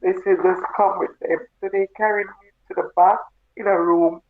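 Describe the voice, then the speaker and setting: A Jamaican woman, a grieving mother, telling her story in a halting, tearful way and repeating her words. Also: medium pitch, steady tone. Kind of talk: emotional personal testimony. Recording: tinny phone-like sound.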